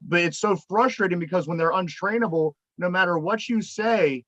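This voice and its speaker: A man with a Pittsburgh accent hosts a casual podcast and speaks in a high voice. He gives earnest opinions and circles back over his own words as he thinks. The recording is dry and slightly muffled. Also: moderate pace, a bit bright, no echo. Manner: earnest, opinionated, repeats himself while thinking. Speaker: podcast host.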